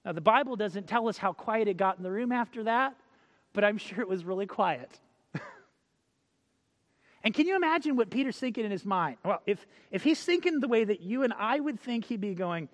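Male preacher, high voice, storytelling sermon, slow scripture reading, long hall echo. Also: expressive. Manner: storytelling, acts out quotes, reads scripture slowly.

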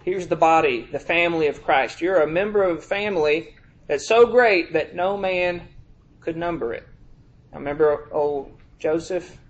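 A man with a high-pitched voice preaches a sermon. His talk is conversational and he often checks in with the congregation. When he reads scripture, he slows right down and stretches out each phrase for emphasis. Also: dull audio. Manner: reads scripture aloud in slow, drawn-out emphasis.

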